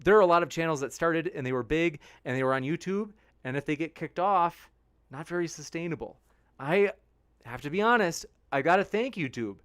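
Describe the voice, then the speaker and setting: A man's voice: a little high, lively intonation, a little fast, fairly bright tone, no room sound, studio quality. A young man hosting a debate livestream, reading viewer comments aloud and answering them, with sarcastic mocking voices for his critics. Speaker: debate channel host.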